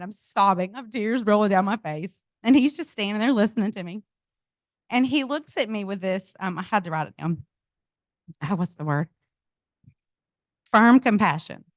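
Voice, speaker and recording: A middle-aged woman tells a personal story to a gathered crowd, talking straight to them as "y'all." Her delivery is expressive, with a voice of ordinary pitch for a woman. The sound is dry and close, with little room echo. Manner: animated storytelling, addresses audience as y'all. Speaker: speaker at a business event. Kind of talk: personal testimony told to a group. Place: event venue.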